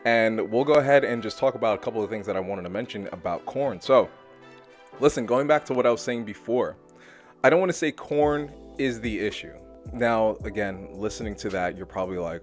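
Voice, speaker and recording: Low-voiced man hosting a casual podcast. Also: lively intonation, a little fast, faint music behind. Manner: loose and profane, with frequent restarts and asides to listeners. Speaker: podcast host. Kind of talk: casual solo podcast monologue.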